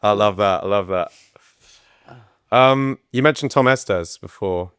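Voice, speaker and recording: A man with a low, smooth, resonant voice hosts a relaxed conversation. He asks easygoing questions and fills the gaps with soft agreement. The sound is close-miked and dry. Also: measured pace, no echo. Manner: relaxed, frequent agreeing backchannels. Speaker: interviewer host. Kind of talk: casual interview.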